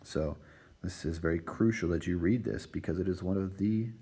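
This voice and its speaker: Low husky male teacher, "right?" after every point. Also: moderate pace, dark tone. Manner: checks in with a constant "right?" and "all right". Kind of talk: recorded lesson lecture.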